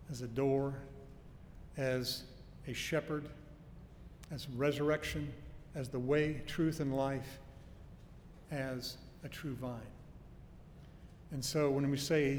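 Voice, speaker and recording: A man with a slightly higher voice delivers an earnest teaching sermon and leans hard on key words. His voice rings through a church hall with a long reverb, and a faint low rumble sits underneath. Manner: earnest teaching with emphatic stresses and homely anecdotes. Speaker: preacher. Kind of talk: expository sermon.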